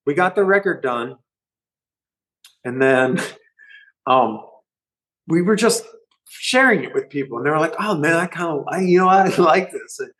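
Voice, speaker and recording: A middle-aged man, a band musician, telling a story in a rambling, profane, animated way during a casual interview. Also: fairly high pitch, a little slow, long pauses, low-quality recording.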